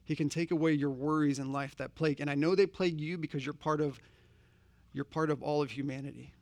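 A man's voice: on the high side, fairly even intonation, quick pace, darkish tone, no room sound. A man preaching a sermon, earnest and conversational, posing direct questions to his congregation. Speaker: pastor.

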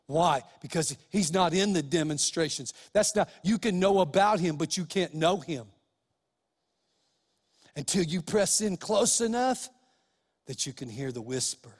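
A man's voice: high-pitched, measured pace, slightly rough, big-room sound. A pastor preaching a sermon, emphatic and speaking straight to his listeners with rhetorical questions.

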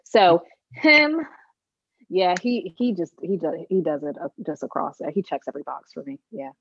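A woman's voice: low voice, lively intonation, a little fast, gravelly, warm tone, husky, dry recording. A young woman as an enthusiastic guest in a casual interview, gushing about her favorites. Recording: dry, slightly dull audio.

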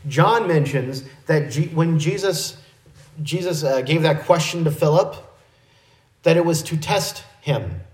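A male pastor giving an expository sermon in a measured, explanatory teaching manner. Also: a little high, echoey room, low-quality recording.

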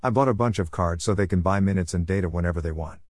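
In an audiobook, a defiant young boy, read by a man dodges every question in a sullen, evasive mutter. The voice sits low and close, with a dry, deadened sound and no room around it. He gives short, grudging answers. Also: fast talker, no room sound. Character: sly defiant boy, caught stealing, dodging.

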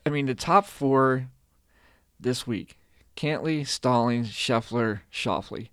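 A man's voice: mid-range voice, slow, smooth, no echo, studio quality. Chatty man talking golf on a podcast. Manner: animated, restarts phrases often. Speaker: podcast co-host. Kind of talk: casual golf chat.

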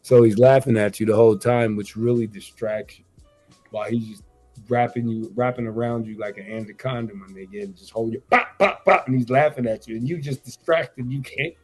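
Faint music plays behind a radio guest who speaks a little fast in a steady, medium-pitched voice. He brags casually about his fighting and betting, rambling along in swear-laden slang.

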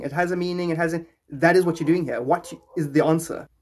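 A man's voice: on the high side, steady tone, fast talker, few pauses, darkish tone. A man hosting a podcast, rambling in a jokey, philosophical way. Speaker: podcast host. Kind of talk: rambling casual talk.

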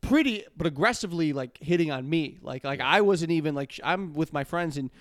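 A man's voice: a little high, animated, fairly quick, dry recording. A young man co-hosting a podcast, chatting casually, telling stories and laughing often. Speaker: podcast co-host. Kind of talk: casual comedic chat.

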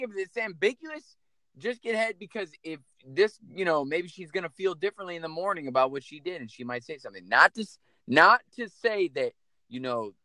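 A man hosting a podcast in a loose, joking way, tossing questions to his guest. His voice sits at a middling pitch, recorded close with no room sound. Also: pushed and bright, no echo. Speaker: podcast host. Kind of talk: casual podcast chat.

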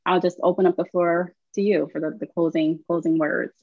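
A woman from Michigan with a Michigan accent, hosting a podcast and telling stories in an animated, laughing way. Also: fairly low pitch, breathy edge, dry recording, narrow, tinny audio. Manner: animated, quick storytelling with laughs. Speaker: podcast host. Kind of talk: casual interview chat.

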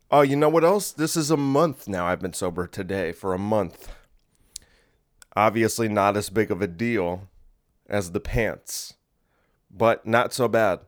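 A man hosting his own solo podcast from his bedroom at home, chatting in a restless, jokey way that keeps getting sidetracked. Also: lowish voice. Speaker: podcast host. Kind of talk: rambling solo podcast chat.

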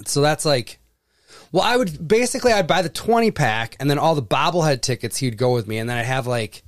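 A man chatting casually on a podcast as co-host, easygoing and quick to react. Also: fairly high pitch, lively intonation, no echo, studio quality. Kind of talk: casual chat.

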